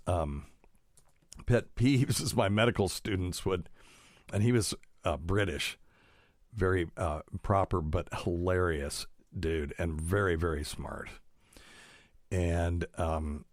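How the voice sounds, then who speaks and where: Middle-aged male podcast host, very low voice, dry close mic, rambling and pedantic. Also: darkish tone, no room sound. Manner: rambling, pedantic, many fillers. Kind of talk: casual solo podcast talk.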